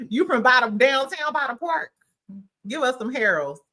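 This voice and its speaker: A woman's voice: sits high, lively intonation, measured pace, bright, forceful tone. A woman from St. Louis hosting a casual livestream, bubbly and laughing often as she greets her chat by name. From St. Louis, USA. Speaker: livestream host.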